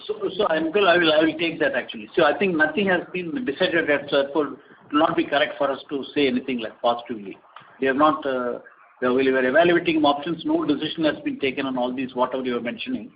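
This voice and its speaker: Executive on a call: man, Indian English, rapid and guarded, lo-fi audio. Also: fairly high pitch, expressive, gravelly. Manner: quick, cautious, noncommittal. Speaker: company executive. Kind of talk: earnings call answers. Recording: dull lo-fi line with faint noise.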